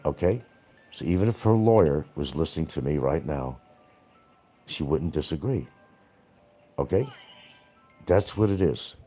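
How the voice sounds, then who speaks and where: A man's voice: extremely low pitch, expressive, normal speed, long pauses, warm tone, soft background music. A man hosting his own livestream show, ranting at absent critics in a mocking, confrontational way, repeating his points and swearing freely.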